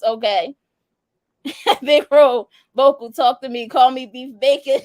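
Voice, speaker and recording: Woman, young adult, high voice, playful laughing host, dry close mic. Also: steady tone, slow, a little mellow, no echo. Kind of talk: casual live-stream chat reading viewer answers.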